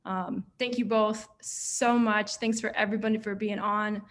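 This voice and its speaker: A woman hosting an online event over a video call, speaking softly and evenly with a few fillers. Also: medium pitch, flat delivery, normal speed. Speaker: event host.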